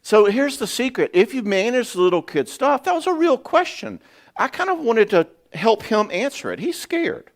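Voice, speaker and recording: Animated older man giving a marriage seminar. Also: very high voice, normal speed. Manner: animated, folksy, acts out dialogue. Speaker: psychologist and speaker.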